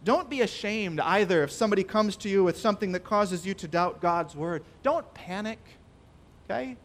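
A man preaching a sermon, emphatic and stressing key phrases by slowing down. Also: high voice, lively intonation.

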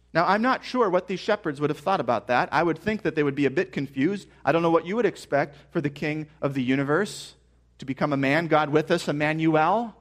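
Male pastor with a high voice, preaching earnestly with rising excitement. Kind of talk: sermon.

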